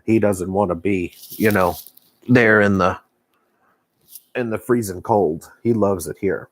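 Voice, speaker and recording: A man's voice: on the low side, unhurried. A man with a Texan accent chatting casually on a live stream from his home, folksy and rambling with lots of fillers. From Texas. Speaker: knitting vlogger. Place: home living room.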